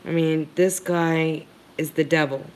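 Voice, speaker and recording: A woman's voice: sits low, steady tone, unhurried. A woman hosting a livestream, talking to her viewers in an earnest, heartfelt and emphatic way. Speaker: livestream commentator. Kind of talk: emotional commentary livestream.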